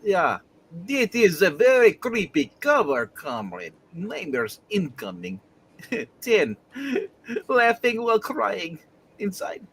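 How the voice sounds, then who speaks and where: Upbeat male co-host of a casual stream; bright, animated delivery. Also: high-pitched, creaky, a little hiss or hum. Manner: jokey, quick to laugh. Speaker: co-host of a live comics show. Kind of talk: casual live-stream chat.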